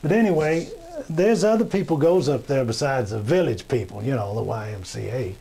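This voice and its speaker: A man telling rambling jokes in a folksy, plain-spoken way, with many pauses. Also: mid-range voice, vocal fry, mellow, breathy edge. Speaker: comedian. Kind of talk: rambling joke telling to camera. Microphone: webcam or camera in front.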